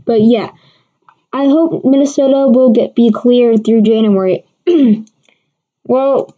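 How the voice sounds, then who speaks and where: A woman's voice: fairly high pitch, slow pace, dark tone. Rambling woman giving a livestream weather forecast. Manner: rambling, many restarts, answers chat viewers. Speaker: amateur weather forecaster host. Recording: dull lo-fi stream audio.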